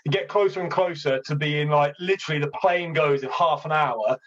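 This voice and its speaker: A man's voice: fairly high pitch, fairly quick, fairly bright tone. A man hosting a podcast, swearing freely as he tells travel stories in casual chat. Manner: swears freely, laughs, story-driven. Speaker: podcast host. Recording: dull lo-fi sound.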